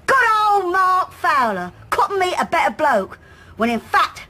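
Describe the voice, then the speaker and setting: A woman's voice: very high-pitched, big pitch swings, unhurried, a little hiss or hum, heavily acted. An actress playing a combative older pub landlady and grandmother, hurling indignant insults in a soap drama. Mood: angry. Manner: fiery, indignant, shouting insults. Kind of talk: British soap drama acting.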